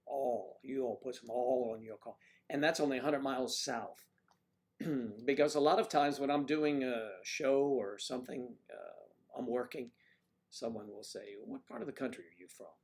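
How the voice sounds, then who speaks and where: A man's voice: medium pitch, moderate pace, creaky, darkish tone. A man hosting a casual livestream who rambles in a folksy way and answers viewer comments. He is from the Mid-Atlantic United States and speaks with no marked accent. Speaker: livestream host.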